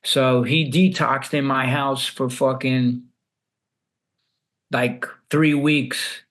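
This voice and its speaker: A man with a voice of ordinary pitch speaks as a guest on a podcast. He tells raw family stories bluntly, swears freely and often breaks off and restarts his sentences. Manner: blunt and profane, with frequent restarts. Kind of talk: candid storytelling in conversation.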